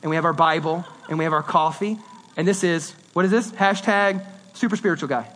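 A man preaching a sermon in a conversational, animated way, swinging between loud and hushed delivery. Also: fairly high pitch, brisk, slight background noise. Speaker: pastor.

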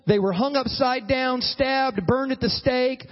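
A man preaching a sermon as pastor, animated, acting out quoted voices and calling for amens. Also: very high voice, a little slow, big-room sound, dull audio.

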